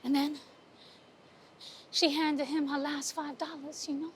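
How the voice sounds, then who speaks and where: A woman's voice: high-pitched, measured pace, long pauses. A woman from Brooklyn, telling a solo monologue with streetwise energy and hosting a show outdoors. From Brooklyn, New York. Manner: streetwise, animated storytelling. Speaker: host and playwright. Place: outdoors in front of a cafe.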